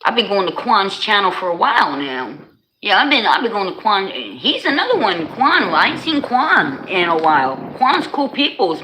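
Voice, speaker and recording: Bright-voiced woman streamer. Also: mid-range voice, slight background noise, low-quality recording. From New Jersey. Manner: animated, slangy, talks straight to chat. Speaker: livestreamer. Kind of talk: casual livestream chat with viewers.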